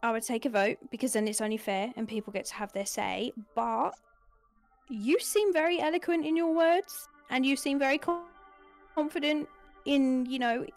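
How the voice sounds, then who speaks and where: A woman playing a tabletop game, speaking in a thoughtful, halting way. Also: high-pitched, faint music behind. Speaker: player. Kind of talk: casual tabletop play.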